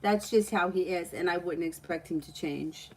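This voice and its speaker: A woman giving casual tarot readings on a livestream from home, with a relaxed, matter-of-fact manner. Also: lowish voice, normal speed, slight background noise, rough recording. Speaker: tarot reader.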